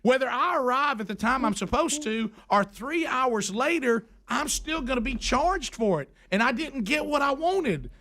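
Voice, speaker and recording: A man's voice: very high-pitched, animated, normal speed, few pauses, sharp tone. A man hosting a radio talk show, telling stories in an emphatic, exasperated way with lots of restarts. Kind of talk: animated talk radio storytelling. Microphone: studio microphone.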